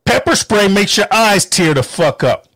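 A man with a high, swooping voice rants in anger, swearing hard and driving every point home with heated emphasis. The recording is dry and close, with no room sound. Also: lively intonation, unhurried, fairly bright tone, dry recording. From North Carolina, US. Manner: mocking quoted voices. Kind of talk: angry political rant.

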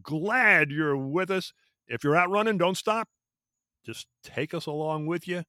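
A man's voice: a little high, measured pace, pushed and bright, no room sound, studio quality. Friendly man hosting a podcast. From Philadelphia area. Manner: friendly, folksy, asks questions to the group. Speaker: podcast host. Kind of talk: casual chat.

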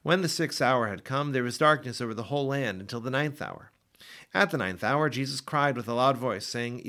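A man reading scripture aloud for a daily Bible podcast, with an expressive, dramatic delivery. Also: mid-range voice, normal speed. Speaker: Bible reader.

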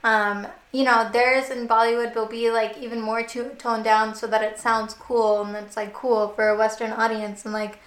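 Young woman just chatting, lots of likes, bit high voice, roomy echo. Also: flat delivery, moderate pace, hardly any pauses. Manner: chatty, fillers of "like". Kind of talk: casual chat.

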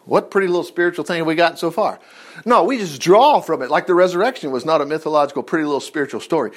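A man's voice: on the high side, racing. A man teaching from the Bible, reading passages aloud and breaking in with exclamations of praise. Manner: expressive, reads scripture aloud and comments with exclamations. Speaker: preacher.

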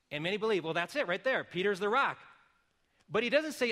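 A middle-aged pastor preaches in a bright, clear voice that sits a little high and moves a little fast. He shifts from calm, careful explanation into loud, emphatic calls.

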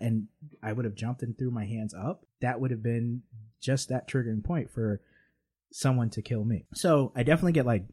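A man with a low, slightly husky voice speaks in a relaxed, conversational way. He tells a personal story earnestly and reflectively, and his feeling comes through as he talks. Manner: earnest, reflective, emotional at times.

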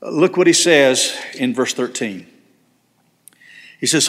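A man's voice: on the high side, animated, normal speed, a bit bright. A middle-aged man, preaching a sermon as pastor, earnest and emphatic with frequent restarts. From Southern United States. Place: large church sanctuary. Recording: long church hall reverb.

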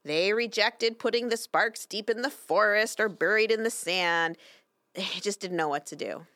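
A middle-aged woman rabbi giving a sermon in a synagogue, telling a story with lively voices for its characters. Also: medium pitch, normal speed, dry recording. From Canada. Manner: storytelling, expressive voices for quoted angels. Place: synagogue sanctuary.

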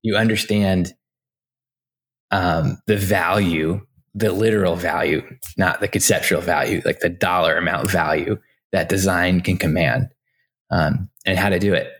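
A man in his forties with a very deep, low voice, talking casually as an interview guest. He tells his stories loosely, with lots of fillers and restarts, and the delivery stays relaxed and conversational. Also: measured pace. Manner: chatty, anecdotal, many fillers and restarts, laughs often. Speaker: interview guest, design executive.

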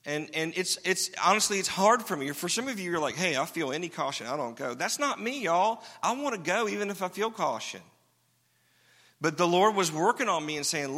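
Bright-voiced male preacher in a reverberant hall. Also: sits high, animated, brisk. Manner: conversational preaching, checks in with the crowd. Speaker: pastor. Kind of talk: sermon. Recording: long reverb of a large hall.

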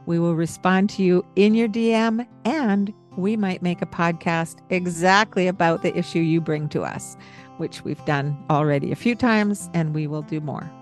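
A woman co-hosting a parenting podcast, talking in a calm, gentle way and explaining with examples. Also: fairly low pitch, normal speed, faint music behind. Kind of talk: casual podcast advice.

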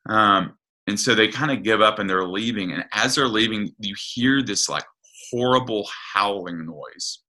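Man, preacher, conversational sermon, earnest, hesitant restarts, piercingly bright tone. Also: lowish voice.

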